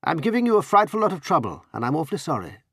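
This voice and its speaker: A man's voice: a little high, big pitch swings, racing, fairly bright tone, husky, no echo, clean studio sound, pitched above the performer's own voice, heavily acted. A man reading an audiobook, voicing a confident, cool-headed English adventurer with an assured delivery. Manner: cool, assured, sometimes soothing.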